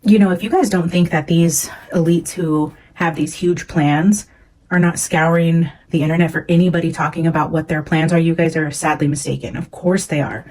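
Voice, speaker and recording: Earnest rambling woman, low voice. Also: fairly even intonation, normal speed, darkish tone, poor audio. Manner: earnest, rambling, many "like" fillers. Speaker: psychic medium. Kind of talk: casual monologue reading her notes.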